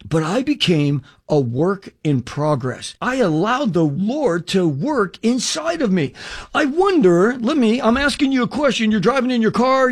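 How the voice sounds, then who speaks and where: Older male radio preacher in his 60s, wry animated storyteller, high voice with lots of swing. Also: a little slow. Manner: animated storyteller, acts out quoted people with shifting voices, wry humor. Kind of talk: personal testimony told as a story.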